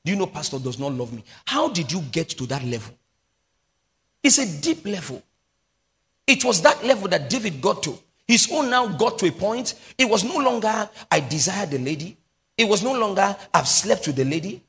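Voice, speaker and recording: A pastor with a Nigerian English accent preaching a sermon, drilling key phrases through call-and-response with the congregation and breaking into prophetic prayer. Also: male voice, high voice, very animated, normal speed, fairly bright tone. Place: large church hall. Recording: long hall reverb.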